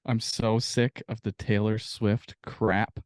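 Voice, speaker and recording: A man's voice: on the low side, flat delivery, slow pace, no echo, studio quality. A man co-hosting a casual sports podcast, venting in a profane, exasperated rant. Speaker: podcast co-host.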